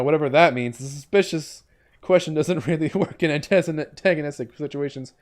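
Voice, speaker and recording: A young man streaming a video game, commenting and reading its text aloud, swinging from deadpan asides to shrieking outbursts. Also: on the high side, brisk.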